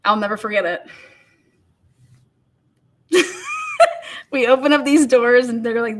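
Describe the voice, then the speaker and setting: A woman's voice: on the high side, unhurried, pauses often. A woman telling a funny personal story in a casual way. She swears a lot, laughs while she talks, and acts out what other people said.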